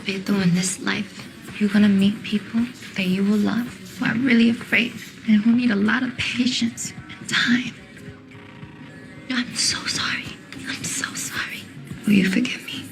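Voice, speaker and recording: An actress playing a warm, apologetic woman who speaks softly, at times in a whisper. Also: mid-range voice, little pitch movement, normal speed, vocal fry, over music, natural voice, rough recording. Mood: tender. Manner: soft, partly whispered. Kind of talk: film drama.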